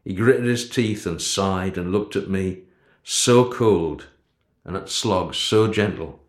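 A man reading a story aloud as narrator, in a measured, unhurried manner. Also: sits low. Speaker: audiobook narrator. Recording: roomy echo.

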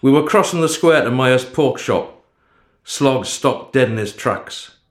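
A man narrating a first-person story in a steady storytelling manner. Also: mid-range voice, a little slow. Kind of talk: storybook reading. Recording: echoey room.

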